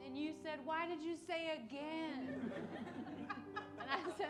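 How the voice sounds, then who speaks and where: A woman's voice: high voice, animated, drawn-out words, long pauses, over loud music. A woman improvising a playful love letter on stage, giggling and mock-tender. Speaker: improv performer.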